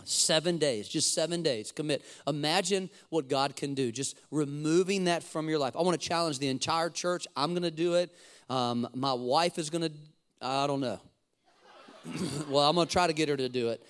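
A man preaching a sermon in church, calling on the congregation to repeat lines back and slowing down to read scripture aloud. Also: a little high, fairly bright tone, clean tone. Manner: emphatic preaching with call-and-response to the congregation; slows down for scripture readings. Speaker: pastor. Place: church sanctuary.

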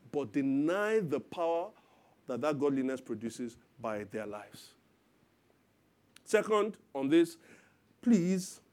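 A man in his thirties preaching a sermon as pastor, lively and acting out parents and children in quoted voices. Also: fairly high pitch.

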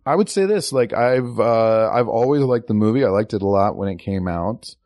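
A man's voice: lowish voice, animated, moderate pace, darkish tone, no room sound, studio quality. A man co-hosting a casual movie podcast, laid-back, asking questions and sharing film trivia. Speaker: podcast co-host.

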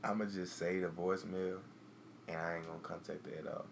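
A man's voice: low voice, level tone, a little fast, creaky, slight background noise. A man co-hosting a casual podcast, talking bluntly, swearing freely and acting out what he would say. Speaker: podcast co-host. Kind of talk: casual chat.

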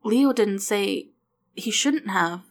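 A woman's voice: mid-range voice, fairly even intonation, normal speed, natural voice. A woman reading as a flustered stammering mother. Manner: stammering, a little raised.

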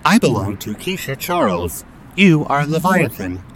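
A man's voice: fairly high pitch, very animated, measured pace, a crowd in the background, low-quality recording. A man voicing an earnest, literal-minded male robot in an audio drama, speaking in a formal and blunt way.

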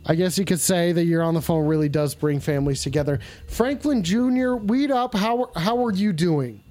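A man's voice: high voice, moderate pace, a little mellow, soft background music. A man hosting a comedy call-in show, with crude, mock-sincere, rambling banter.

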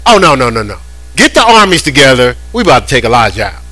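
A man's voice: mid-range voice, very animated, quick pace, sharp tone, dry recording, poor audio. A man preaching a sermon, voicing alarmed, blustering enemy soldiers in slangy speech.

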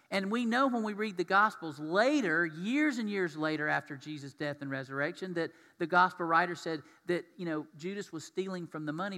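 A man preaching in a church sanctuary, his slightly high, bright and forceful voice carrying a long reverb tail through the hall. He keeps the sermon conversational, often turning to his congregation with questions. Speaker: pastor.

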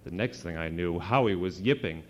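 A man's voice: low-pitched, moderate pace, a little hiss or hum. Man, author reading rhymes to children, sing-song delivery, muffled old live recording. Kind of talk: reading a rhyming story aloud. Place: event hall with an audience.

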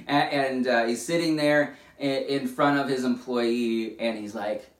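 Pastor preaching in an echoey room. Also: male voice, medium pitch, a little slow. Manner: conversational, animated, with frequent restarts. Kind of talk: sermon. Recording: echoey room, distant mic.

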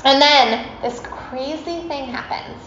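A woman chats to a class in a casual storytelling way, with lots of fillers and little laughs. Her voice sits a bit high. The room is echoey and the sound a bit muffled. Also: takes it slowly, a bit bright, a little hiss or hum. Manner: chatty, many fillers, laughs often.

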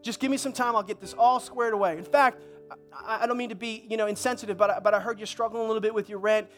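A gracious, well-dressed new landlord , as a preacher puts him on, talks politely and soothingly in a high voice. His apologies and promises come across warm and businesslike, with soft music underneath. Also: fairly even intonation, quick pace. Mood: reassuring.

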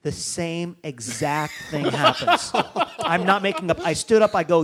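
A man, a comedian guest on a podcast, telling an animated story, acting out phone calls and swearing freely. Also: on the high side, measured pace.

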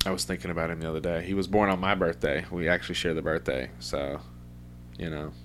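A man's voice: deep voice, slight background noise. A middle-aged man hosting a podcast, rambling in a loose, profane, casual way. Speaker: podcast host.

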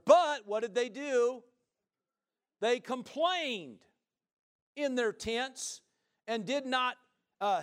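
A man with a voice that sits high preaches a folksy, joking sermon, swinging from loud to soft and often asking listeners "right?"

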